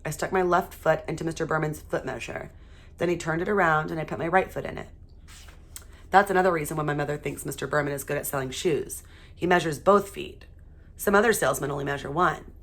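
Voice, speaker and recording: A woman teacher reading a children's chapter book aloud in a steady, expressive way. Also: sits low.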